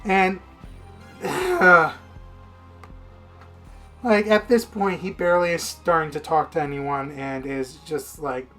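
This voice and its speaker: A man's voice: a little high, slow, long pauses, sharp tone, soft background music. A young man giving a casual, rambling video review of a manga, swearing constantly and getting worked up as he retells the story.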